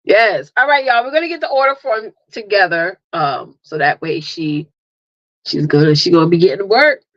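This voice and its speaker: A woman hosting a casual livestream, lively and chatty, laughing often and calling listeners honey and girl. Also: lowish voice, normal speed, no room sound. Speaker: livestream host and marketing coach. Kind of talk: casual live chat. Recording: dull lo-fi, dry sound.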